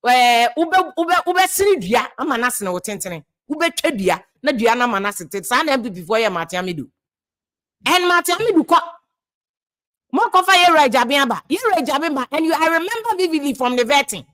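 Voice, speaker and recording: A woman's voice: sits high, fairly bright tone. A woman with a Ghanaian accent giving passionate political commentary, switching between English and Twi and repeating words for emphasis.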